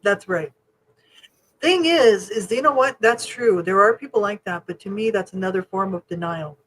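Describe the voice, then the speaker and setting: A woman's voice: medium pitch, normal speed, slight background noise, rough recording. Chatty woman podcast host. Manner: emotional, animated storytelling with quoted voices. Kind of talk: casual chat.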